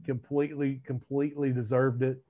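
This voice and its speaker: A man's voice: medium pitch, little pitch movement, normal speed, dark tone, muffled recording. A man co-hosting a casual podcast, telling rambling stories in a chatty way. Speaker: podcast co-host. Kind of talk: casual chat.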